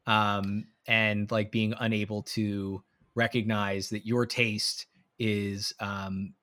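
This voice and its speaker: A man co-hosting a casual movie podcast, rambling with many fillers and trailing off softly. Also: lowish voice, flat delivery, slow pace. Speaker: podcast co-host. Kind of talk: casual movie review chat.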